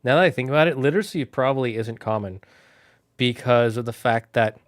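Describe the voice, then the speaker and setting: Casual streamer musing aloud, dry sound. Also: male voice, mid-range voice, no room sound. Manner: musing aloud, thinks out loud with quick asides. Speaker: streamer running a worldbuilding chat. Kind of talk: casual live-stream chat, reading chat aloud.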